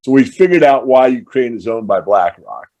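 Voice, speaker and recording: Man in a measured, explanatory podcast chat. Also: mid-range voice, animated, mellow. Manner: measured, explains in long run-on thoughts. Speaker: show host. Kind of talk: casual podcast conversation.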